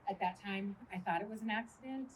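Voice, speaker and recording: A middle-aged woman speaking at a memorial, recounting a personal loss haltingly with many pauses and fillers. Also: medium pitch, recorded from a distance, a little hiss or hum, low-quality recording. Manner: halting, with frequent ums. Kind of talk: personal testimony speech.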